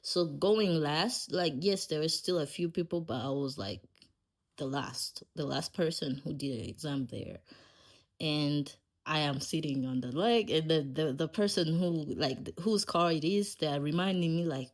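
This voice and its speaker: Lively young woman from Rwanda telling a story. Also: low voice, a little slow. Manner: animated, laughs often, many restarts. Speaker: podcast host. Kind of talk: casual storytelling.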